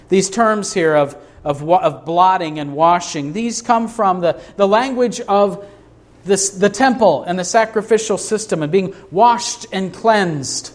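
A man's voice: sits high, unhurried. A man preaching a sermon to a congregation in a church, emphatic, asking rhetorical questions. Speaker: pastor.

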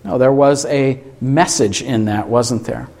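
Slow, deliberate preacher man. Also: medium pitch, gravelly, a little mellow. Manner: asks the congregation rhetorical questions and answers them; deliberate, emphatic delivery. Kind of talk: sermon.

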